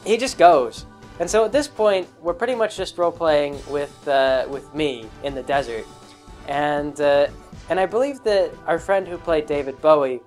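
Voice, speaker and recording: A man's voice: on the high side, darkish tone. A man hosting a podcast, casually telling a long story about a past role-playing game, rambling with many fillers and restarts. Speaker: podcast host.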